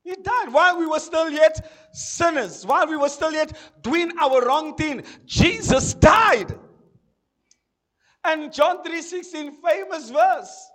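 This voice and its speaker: A male pastor, preaching a sermon. He swings from loud proclamations to quiet asides and keeps asking the congregation questions. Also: very high voice, unhurried. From South Africa.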